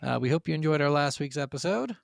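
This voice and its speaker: A man co-hosting a casual gaming podcast, teasing and crude and quick to laugh. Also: on the high side, animated, gravelly, dry recording, studio quality. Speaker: podcast co-host.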